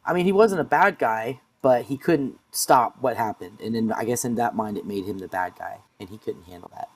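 A man's voice: medium pitch, fairly quick, breathy edge. A man co-hosting a casual TV recap podcast, earnest, trailing off and correcting himself. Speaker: podcast co-host.

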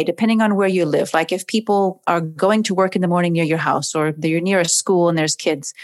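A woman, a dog behavior expert, explaining in an interview and acting out dogs and owners in voices. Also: on the low side.

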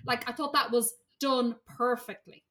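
Bright-voiced woman reviewing films. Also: a little high, fairly even intonation, a little slow. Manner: enthusiastic, hesitant starts with ums. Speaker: podcast co-host. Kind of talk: casual movie review chat.

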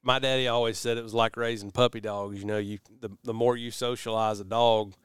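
A man's voice: fairly low pitch, flat delivery, a little fast, a bit bright, clean tone, dry recording, studio quality. A man hosting a casual talk, adding short affirmations and prompting his guest. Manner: brief affirming interjections. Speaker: podcast host. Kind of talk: casual chat.

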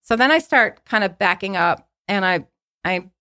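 Animated woman telling a wild story. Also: medium pitch, normal speed, dry recording, studio quality. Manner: animated, acts out quotes, many fillers. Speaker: guest telling her story. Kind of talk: casual podcast storytelling.

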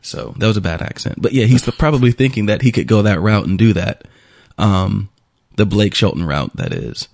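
A man's voice: on the low side, sing-song, moderate pace, creaky, a little mellow, no echo, studio quality. A man co-hosting a radio show, chatting casually with lots of ums and laughs. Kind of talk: casual banter.

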